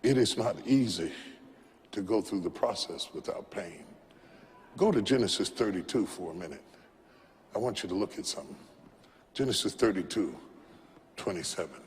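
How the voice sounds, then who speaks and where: A man preaching a sermon, slow and deliberate, who builds up to shouting and has the congregation repeat after him. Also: sits low, lively intonation, slight background noise. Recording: long reverb in a large hall.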